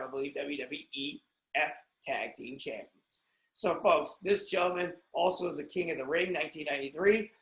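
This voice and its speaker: A high-voiced American man hosts a wrestling podcast in a loose, rambling monologue. He swings from loud excited bursts to low muttered asides and keeps cutting himself off. The sound is roomy and echoey. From United States.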